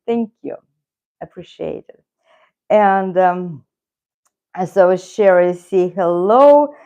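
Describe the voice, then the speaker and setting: A woman's voice: fairly low pitch, slow pace, pauses often, dark tone, smooth, highs cut off. A woman with a Russian accent hosting a casual livestream chat, chatty and greeting viewers by name. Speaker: livestream host.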